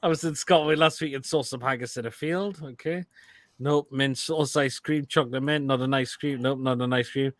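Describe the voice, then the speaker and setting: A man's voice: mid-range voice, fairly even intonation, moderate pace, fairly bright tone, dry recording. A man, hosting a casual live stream and giving crude, blunt verdicts on viewers' food photos between laughs.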